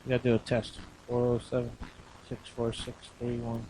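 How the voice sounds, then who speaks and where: An easygoing man hosting a live radio show at a middle pitch. He chats loosely and casually, with a faint hiss of noise behind him. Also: monotone, normal speed, warm tone, rough recording. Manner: easygoing, chatty while fiddling with equipment.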